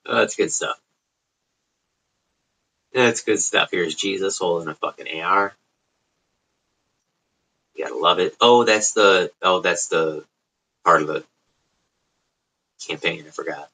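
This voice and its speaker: A man's voice: low-pitched, unhurried, gravelly, long pauses, sharp tone, slightly rough, low-quality recording. A man with a suburban Chicago accent hosting a casual late-night livestream from home, rambling and profane. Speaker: livestream host.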